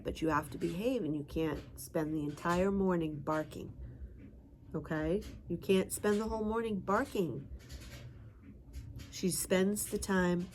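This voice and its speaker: A woman's voice: a little mellow, slight background noise. A woman chatting casually in a home vlog, rambling with fillers and talking sweetly to her dog. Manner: high sing-song voice when talking to her dog. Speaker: home vlogger.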